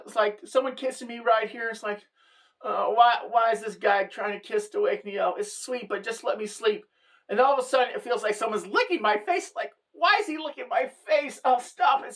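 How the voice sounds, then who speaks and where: A middle-aged woman telling a comic personal story to the camera, animated and conversational, with frequent asides to the viewer. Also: medium pitch. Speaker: comedic storyteller.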